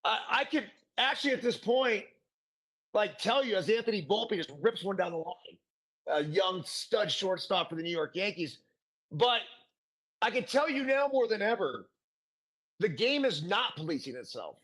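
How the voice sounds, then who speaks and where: Male host, excitable, high pitch, casual sports talk. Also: normal speed. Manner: excitable, says dude a lot. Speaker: podcast host. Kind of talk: casual sports chat and commentary.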